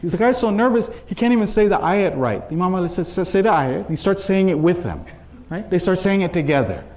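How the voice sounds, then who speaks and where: A man's voice: sits high, lively intonation, fast talker, darkish tone. A man giving a sermon, telling a story and acting out the quotes with shifting voices, often checking in with "right?". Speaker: religious speaker.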